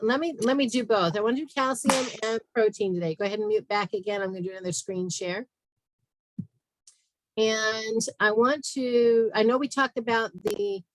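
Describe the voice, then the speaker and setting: A woman's voice: mid-range voice, no room sound, rough recording. A woman hosting a health talk, walking through a slide with chatty asides and many fillers. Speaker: podcast host and health practitioner. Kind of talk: casual presentation over screen share.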